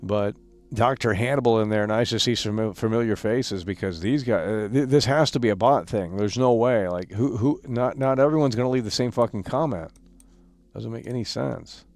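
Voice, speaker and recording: A man's voice: lowish voice, normal speed, darkish tone. A man live-streaming about a video game, ranting and swearing as he reads out comments, often stammering and repeating words.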